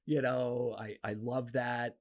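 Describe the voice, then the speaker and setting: A man in his fifties from New Jersey, a podcast guest telling stories from his life in a casual, animated way. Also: takes it slowly. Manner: animated, acts out quoted voices with big pitch jumps. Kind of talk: casual storytelling interview.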